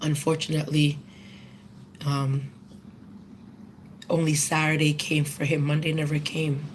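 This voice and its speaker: A woman speaks at a memorial, telling stories conversationally before turning to earnest questions for the audience. Her voice sits a little low. Faint background noise runs under the speech. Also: flat delivery, measured pace, poor audio. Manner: conversational storytelling, earnest appeals. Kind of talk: personal tribute speech.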